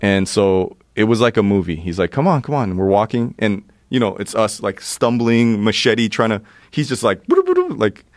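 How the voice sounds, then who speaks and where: A man in his forties from the United States, a podcast guest telling a wild story, animated, profane, full of laughs and restarts. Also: fairly low pitch, no echo, clean studio sound. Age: 40s. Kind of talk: storytelling anecdote in casual chat.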